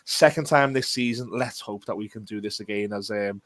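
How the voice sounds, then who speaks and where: A man's voice: fairly low pitch, fairly quick, a bit bright, no echo. A man with a Scouse accent hosting a casual football podcast, chatty and self-deprecating with joking banter. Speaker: podcast host.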